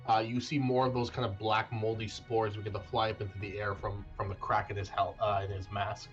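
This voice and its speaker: A man's voice: fairly low pitch, level tone, fairly quick, highs cut off, soft background music. A man narrating as game master of an online tabletop game, describing the action with many "uh" restarts. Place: home streaming setup.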